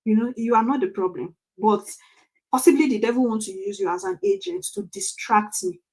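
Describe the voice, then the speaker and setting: A woman's voice: a little high, lively intonation, brisk, a little mellow. A middle-aged Nigerian woman, a family coach, telling personal stories in a motivational talk, repeating phrases for emphasis and laughing as she goes.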